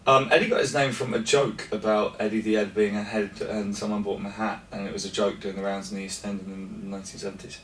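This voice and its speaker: A man's voice: on the low side, steady tone, fast, hardly any pauses. Laughing, chatty man in a roomy space. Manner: chatty, laughs often, self-deprecating. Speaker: musician guest. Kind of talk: casual interview chat. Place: backstage room at a concert venue. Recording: roomy, distant mic with faint noise.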